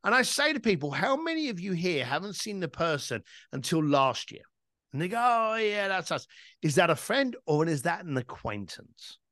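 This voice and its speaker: Entrepreneur-type man, middle-aged, lively emphatic delivery, dry close mic. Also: a little high, normal speed, dry recording. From East London, England. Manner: animated, emphatic, casual swearing. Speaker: podcast guest, entrepreneur and speaker. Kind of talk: conversational interview storytelling.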